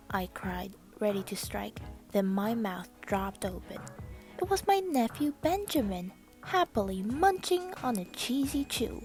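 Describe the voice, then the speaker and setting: Slow, expressive woman reading a storybook. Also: mid-range voice, over music. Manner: slow, expressive storytelling with soft hushed passages. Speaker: reader. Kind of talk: reading a children's book aloud.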